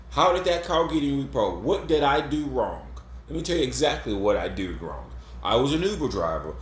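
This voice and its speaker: A man's voice: fairly high pitch, slight background noise. A middle-aged man from Ohio giving blunt, repetitive, swearing advice in a casual monologue, laughing at himself. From Columbus, Ohio. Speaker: vlogger. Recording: echoey room.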